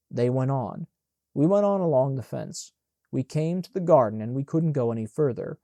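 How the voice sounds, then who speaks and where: A man reading an audiobook in a measured, plain narration on a close mic. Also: mid-range voice, animated, mellow, no room sound.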